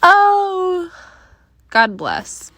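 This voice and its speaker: A woman's voice: very high-pitched, huge pitch swings, extremely slow, a bit bright, no echo. A young woman hosting her own podcast, rambling through the week's news in casual chat with many fillers and sighs, bothered by allergies. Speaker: podcast host.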